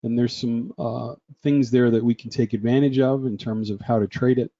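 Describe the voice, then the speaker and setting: Give me a man with a warm, mellow voice presenting a webinar and checking in with listeners, on muffled audio. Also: mid-range voice, fairly even intonation, moderate pace. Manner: chatty, asks the audience questions.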